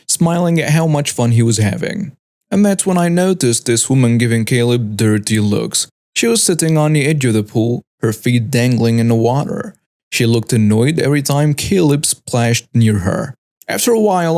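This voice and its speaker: A man narrating a first-person story in a steady, even storytelling delivery. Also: mid-range voice.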